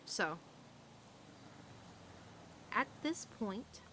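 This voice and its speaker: A woman's voice: medium pitch, sing-song, extremely slow, pushed and bright, slight background noise. A tired woman chatting in character during a roleplay stream, wry and blunt, swearing casually. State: tired late at night.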